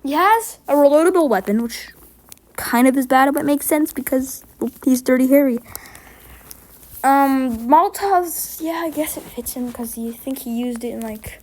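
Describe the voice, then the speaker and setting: A woman's voice: high voice, normal speed. A woman giving rambling, casual commentary while ranking video game characters, a little sick and short of breath. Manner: rambling, chatty, self-correcting. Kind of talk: casual tier-list commentary.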